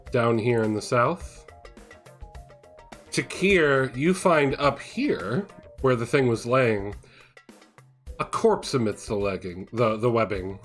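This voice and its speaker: A man narrating as game master of a tabletop game, relaxed and chuckling. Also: mid-range voice.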